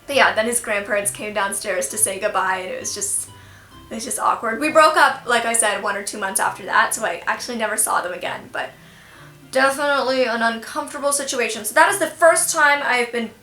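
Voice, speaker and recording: A young woman with a bright, sharp voice tells a storytime tale in an animated, self-deprecating way, laughing often. She is recorded in an echoey room with faint music underneath. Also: a little high, a little fast. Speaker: vlogger. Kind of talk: storytime vlog.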